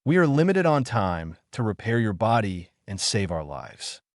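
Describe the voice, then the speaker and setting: A commanding female demon fox spirit, proud and menacing, as a man reads her lines. The voice sits low yet swings widely in pitch. It sounds dry and close, with no room around it. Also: big pitch swings, moderate pace, no room sound. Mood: stern.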